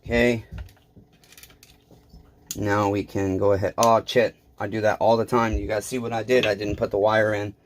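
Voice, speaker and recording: A man's voice: lowish voice, flat delivery, moderate pace, long pauses, slight background noise. A man talking casually to his viewers while he repairs a chainsaw, blunt and self-deprecating, with rambling asides. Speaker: small engine repair vlogger.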